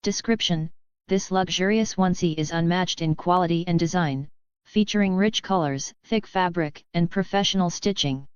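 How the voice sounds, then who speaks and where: A woman voicing an exasperated, sharp-tongued female spirit. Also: lowish voice, normal speed, clear, resonant tone, no room sound, natural voice. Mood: matter-of-fact. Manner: scolding, exasperated. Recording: dull lo-fi audiobook audio.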